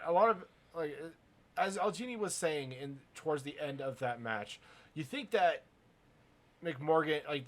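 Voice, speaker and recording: A man hosting a stream and commenting on wrestling matches in a casual play-by-play style. He is excitable, swears freely and speaks straight to chat and the viewers. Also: mid-range voice.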